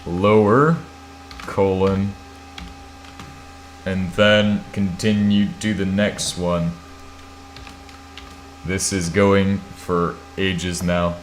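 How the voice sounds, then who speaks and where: A man's voice: sits low, little pitch movement, drawn-out words, long pauses, slight background noise. A sleepy American man on a live stream, thinking aloud as he types commands, swearing now and then and poking fun at himself. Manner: thinks aloud while typing, swears, self-mocking. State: half asleep. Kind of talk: casual live-stream chat.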